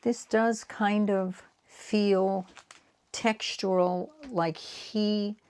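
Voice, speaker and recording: Her medium-pitched voice is smooth and a little mellow, steady in tone and very slow. A Boston-area woman in her sixties, she vlogs about art, rambling in a self-deprecating way as she paints and makes prints.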